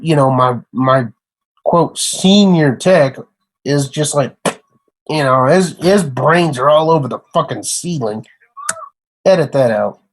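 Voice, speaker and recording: A man's voice: a little high, breathy edge, low-quality recording. A man who works as a computer repair tech, talking in an emphatic, rambling casual rant that repeats itself.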